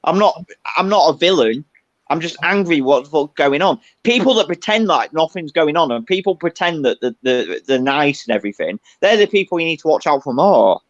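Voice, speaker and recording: A man's voice: on the high side, sing-song, normal speed, lo-fi sound. An angry man in a heated casual chat who swears, repeats himself and sounds like he has been drinking.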